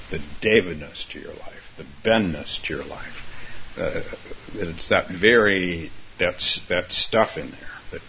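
A man giving a Zen dharma talk as meditation teacher, halting and repeating himself, often chuckling, in a dull lo-fi recording. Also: low-pitched, vocal fry. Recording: dull lo-fi recording, faint hiss.

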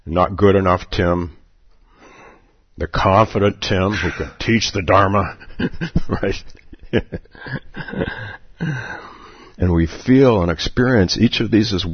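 A man's voice: deep voice, takes it slowly, pauses often, slightly rough, no room sound. A man giving a dharma talk as a Zen meditation teacher at a retreat, playful, chuckling often and repeating his questions. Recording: dull lo-fi recording.

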